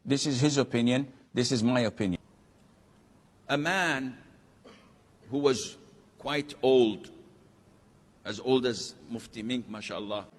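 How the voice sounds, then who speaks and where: Male preacher, unhurried delivery, dry blunt wit in Q&A. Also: medium pitch. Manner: blunt, dryly humorous. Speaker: Islamic preacher. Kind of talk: answering audience questions.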